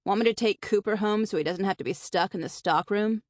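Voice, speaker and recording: A woman's voice: medium pitch, fairly quick, no echo, studio quality, lightly acted. A woman narrator voicing a cheeky fifteen-year-old girl who talks in a teasing, sarcastic way.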